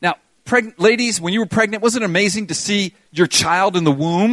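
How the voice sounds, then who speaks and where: A man's voice: high-pitched, brisk, hardly any pauses, fairly bright tone, no room sound. An older man preaching a sermon as pastor, earnest and pleading, putting questions to his congregation.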